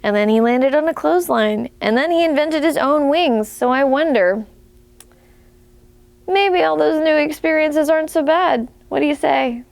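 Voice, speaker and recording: A woman's voice: high-pitched, clear, resonant tone, no room sound. A young woman, a children's librarian, leading a preschool story time with playful sing-song songs and action rhymes.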